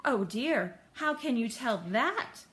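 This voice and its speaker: A woman voicing a big, gentle, timid bird who is childlike and easily frightened, high and wide-eyed. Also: expressive, takes it slowly, slight background noise. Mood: worried.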